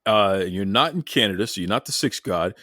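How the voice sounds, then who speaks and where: Boston-accented male podcast host, playful and halting, with a bouncy, animated voice. Dry, close recording. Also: lowish voice, dry recording. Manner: jokey, stammering, lively teasing. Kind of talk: casual interview chat.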